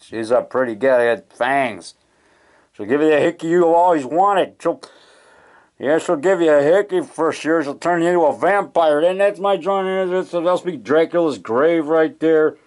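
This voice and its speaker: A man with a somewhat high voice rambling through a show-and-tell of his collection. He corrects himself often and chuckles along the way. It is captured on a camcorder's built-in mic down in a home basement. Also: moderate pace, darkish tone. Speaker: filmmaker and vlogger. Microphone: handheld camcorder mic.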